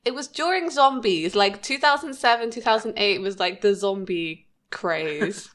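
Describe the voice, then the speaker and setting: A woman in her thirties co-hosting a podcast, chatting casually about a TV episode and laughing often. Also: a little slow. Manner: chatty, laughs often, lively pitch jumps. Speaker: podcast co-host.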